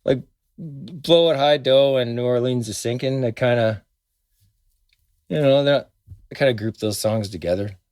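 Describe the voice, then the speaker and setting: A man's voice: mid-range voice, normal speed, pauses often, a little mellow, no echo, studio quality. A man co-hosting a podcast, rambling and hesitant with lots of fillers. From Canada. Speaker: podcast co-host. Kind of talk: casual chat.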